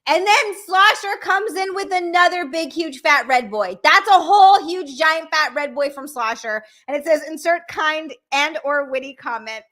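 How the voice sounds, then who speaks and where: Young woman, live streamer, high bright voice, gushing, breathless, swears freely. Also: moderate pace, few pauses. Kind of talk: live stream, reading out super chats.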